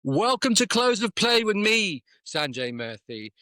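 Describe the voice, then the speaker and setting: A man's voice: high voice, sing-song, measured pace, pushed and bright, dry recording. A man in his fifties hosting a podcast interview, asking questions and making light jokes. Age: 50s. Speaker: podcast host. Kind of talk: casual interview.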